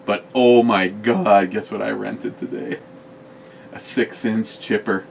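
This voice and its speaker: Low-voiced man co-host, crude and jokey, casual home chat, slight noise. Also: slow pace, gravelly, far from the mic. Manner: crude joking, animated storytelling. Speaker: co-host of a beer review channel. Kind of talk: casual banter.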